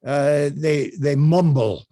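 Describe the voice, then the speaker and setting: A man's voice: fairly high pitch, slow, no echo, studio quality. A man leading an online workshop as its instructor, talking emphatically with many "uh" fillers. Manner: animated, emphatic, with frequent uh fillers. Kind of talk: live online workshop teaching.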